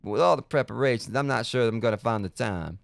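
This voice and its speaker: A man voicing a middle-aged dad writing a fond letter to his son, in a slow, folksy, cartoonish sitcom-dad manner. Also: mid-range voice, gravelly, no echo, studio quality, close to an everyday voice. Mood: fond, fatherly.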